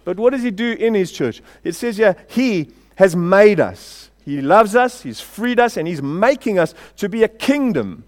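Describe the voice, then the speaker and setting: A man preaching a passionate sermon as pastor, building to shouted declarations. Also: high voice, expressive, moderate pace, hardly any pauses. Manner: passionate, rising to shouts, chuckling between points. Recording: hall reverb.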